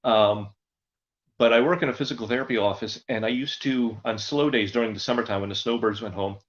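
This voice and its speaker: A man's voice: on the low side, fairly quick, muffled recording. An older man who performs as a ventriloquist, telling rambling stories in a casual interview. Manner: rambling, anecdotal storyteller. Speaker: ventriloquist guest.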